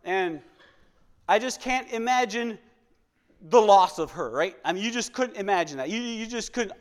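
A man preaching in a church, his voice pitched high for a man and trailing a long reverb through the hall. His delivery is emotional and full of repeated phrases, rising loud and then dropping to a near hush. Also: lively intonation, moderate pace. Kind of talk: sermon.

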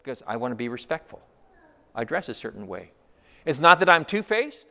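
A man preaching a sermon as pastor, repeating key lines and asking rhetorical questions, swinging between loud emphasis and hushed asides. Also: mid-range voice, big pitch swings, brisk, vocal fry. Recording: long reverb of a large hall.

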